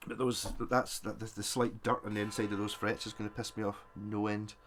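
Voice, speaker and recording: A man with a fairly low pitch and level tone talks a little fast, his voice a bit bright against slight background noise. He's a guitar tinkerer and video maker, offering chatty, self-mocking commentary while he works on a guitar with his hands.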